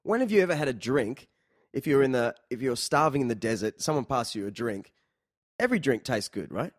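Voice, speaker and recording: A man hosting a podcast, telling stories in an animated, casual way. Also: medium pitch, fairly quick, dry recording, clean studio sound. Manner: animated storyteller. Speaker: podcast host. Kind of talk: casual chat.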